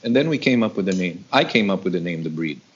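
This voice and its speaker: A man from the Philippines in his sixties, telling stories in a casual interview, who acts out the other people in a higher voice. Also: quick pace, slight background noise. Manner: animated, acts out quoted voices in a higher pitch. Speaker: guest rock vocalist. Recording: dull lo-fi audio.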